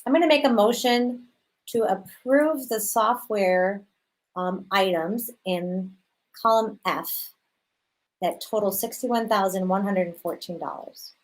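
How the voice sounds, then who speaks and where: A woman's voice: mid-range voice, measured pace, poor audio. Woman chairing a school meeting. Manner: casual, laughing, running the vote.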